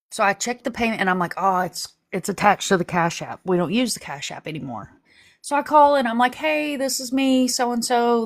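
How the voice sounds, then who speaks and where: A middle-aged woman in casual chat, an animated storyteller who acts out dialogue as she talks about her work streaming vigils for families. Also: fairly low pitch. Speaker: missing-persons advocate who live streams vigils.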